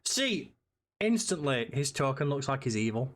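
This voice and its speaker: A man's voice: medium pitch, moderate pace. A man bantering playfully as a player in a tabletop game. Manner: playful, animated, teasing. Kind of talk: casual banter.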